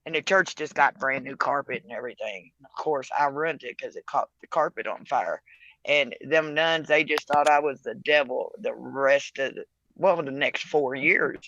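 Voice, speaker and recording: A man calling in to a podcast, telling stories in an excitable way and laughing as he goes. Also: medium pitch, normal speed, no room sound, dull audio. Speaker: caller. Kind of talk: casual storytelling.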